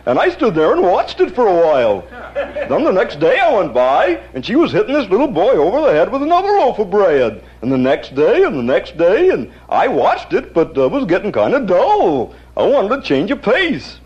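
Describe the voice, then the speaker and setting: Quick Draw McGraw, a proud cowboy horse. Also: male voice, high voice, wildly swooping pitch, a little mellow. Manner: slow drawling Western twang, dim but proud. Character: slow-witted cowboy cartoon horse, proud gunslinger. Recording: dull lo-fi archive recording.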